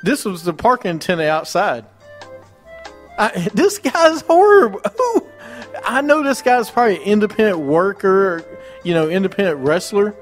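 Male co-host, slightly raised pitch, animated ranting, faint music underneath. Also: moderate pace. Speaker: podcast co-host. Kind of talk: casual wrestling chat.

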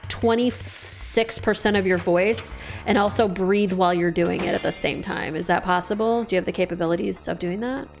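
Woman, game streamer, chatty, jokey, soft music in background. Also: mid-range voice, moderate pace, creaky, hardly any pauses. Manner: chatty, joking, swaps swearing for "F word". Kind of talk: casual let's-play commentary.

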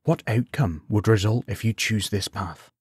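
A man's voice: on the low side, moderate pace, a little mellow, breathy edge, dry recording, clean studio sound. A man voicing a stern inner conscience. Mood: warning.

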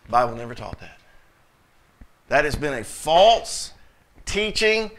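A man's voice: fairly high pitch, sing-song, a little slow, fairly bright tone. A man preaching a sermon as pastor, emphatic, with sudden bursts and scripture quoted in a raised voice.

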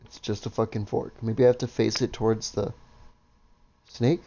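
A man playing a video game and commenting casually, excitable and swearing a lot as he talks to his viewers. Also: fairly low pitch, normal speed, dull audio. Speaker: gaming video host. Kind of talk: casual let's-play commentary.

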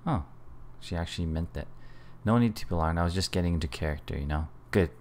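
A man's voice: deep voice, fast talker, a little hiss or hum. A man casually commenting on a game he is playing, playful and amused. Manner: playful, amused, reading choices aloud. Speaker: gaming video host.

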